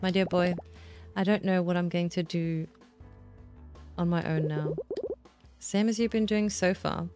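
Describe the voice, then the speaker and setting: A woman voicing a gentle mother bear in a video game, speaking in a soothing, motherly way. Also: fairly low pitch, fairly even intonation, measured pace, pauses often, close to an everyday voice. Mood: consoling. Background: game music.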